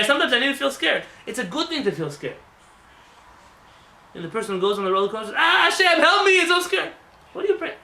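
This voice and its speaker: A man rabbi giving a lively, joking sermon in a synagogue, acting out voices as he talks. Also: high voice, creaky, distant mic. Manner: animated, acts out voices, jokes with the congregation. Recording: roomy hall with faint ambience.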